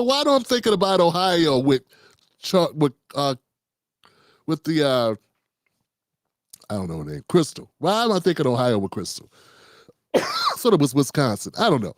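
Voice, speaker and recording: A man's voice: a little high, sing-song, moderate pace, dry recording, clean studio sound. A man hosting a political commentary show, talking off the cuff in a blunt, profane, rambling way with lots of restarts.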